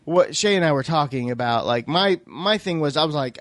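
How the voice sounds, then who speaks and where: Animated, higher-voiced male podcast co-host. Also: a little fast, hardly any pauses, dry recording. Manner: animated, self-mocking storyteller who laughs often. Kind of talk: casual podcast chat.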